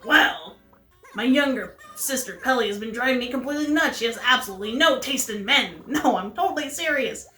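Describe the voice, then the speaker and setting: A woman's voice: fairly high pitch, expressive, a little fast, sharp tone, echoey room, faint music behind. A woman voicing a fierce, grumpy older-sister pelican who snaps in exasperation. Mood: annoyed. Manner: snappy and exasperated.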